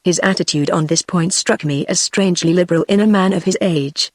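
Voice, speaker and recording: A text-to-speech woman's voice with a British English accent, reading a classic story as an audiobook narrator in an even, steady way. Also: on the low side, a little fast, no echo, studio quality.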